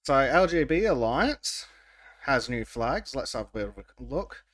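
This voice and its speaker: A man hosting a podcast in casual chat, wry and sarcastic, with halting restarts. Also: medium pitch, sing-song, fairly bright tone, dry recording. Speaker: podcast host.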